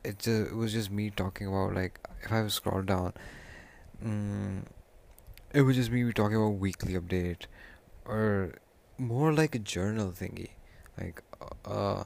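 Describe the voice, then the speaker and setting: A man's voice: on the low side, a little slow, gravelly, pauses often, a little mellow. A young man hosting his own podcast, talking in a casual, rambling way and often correcting himself mid-sentence. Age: young adult. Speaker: podcast host. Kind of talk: casual solo podcast talk.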